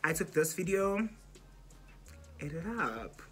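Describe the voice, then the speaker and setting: A woman's voice: low voice, animated, slow pace, soft background music. A young South African woman in her twenties with a South African accent, dramatically retelling a storytime vlog and mixing in isiZulu words. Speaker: YouTuber.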